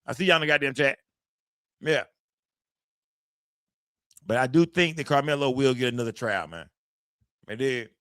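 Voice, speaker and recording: A man's voice: mid-range voice, moderate pace, pauses often, a bit bright, clear, resonant tone, no echo, clean studio sound. A man hosting a livestream, giving blunt, profane commentary and talking straight to his chat. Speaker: livestream host.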